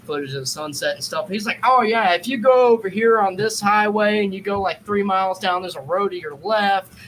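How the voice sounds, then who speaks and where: A man's voice: high voice, brisk, a little hiss or hum, low-quality recording. A man telling a story in a loose, profane podcast chat, acting out both sides of the conversation. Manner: animated, profane, acts out quotes.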